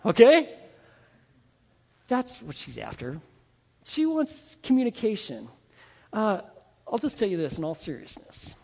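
A man with a high, bright voice preaches with force, talking straight to his listeners and pushing rhetorical questions at them. His sermon rings out with a long reverb, as if spoken across a large church hall. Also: wildly swooping pitch, unhurried, vocal fry, pauses often. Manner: emphatic, addresses listeners directly with rhetorical questions. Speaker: pastor.

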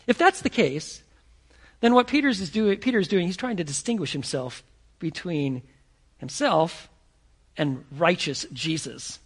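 High gravelly preacher. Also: male voice, measured pace. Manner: animated, conversational, acts out scenes. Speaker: pastor. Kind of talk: sermon.

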